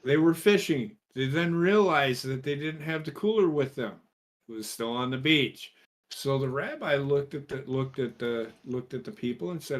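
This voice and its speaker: A man co-hosting a casual podcast, telling a joke loudly and animatedly and laughing along. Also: mid-range voice, moderate pace. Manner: loud, animated storyteller who laughs at his own jokes. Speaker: podcast co-host.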